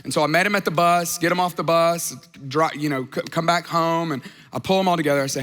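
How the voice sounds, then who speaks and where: A man in his thirties gives a casual, story-driven sermon and keeps asking his congregation questions. His voice sits high and sounds bright and sharp. The long reverb of a large church hall trails every phrase. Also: steady tone, quick pace, hardly any pauses. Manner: conversational storytelling, asks the crowd questions. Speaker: pastor.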